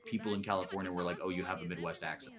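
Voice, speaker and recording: A man's voice: sits low, little pitch movement, rapid-fire. An American man co-casting an esports match in casual chat, often stumbling and repeating words as he starts a sentence. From United States. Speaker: esports co-caster.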